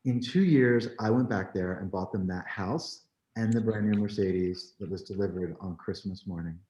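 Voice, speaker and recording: A man from New Jersey, a photographer, telling his story in an animated, candid way, peppering his talk with "like" and "you know.". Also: deep voice, moderate pace. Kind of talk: storytelling in a conversation. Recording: roomy echo.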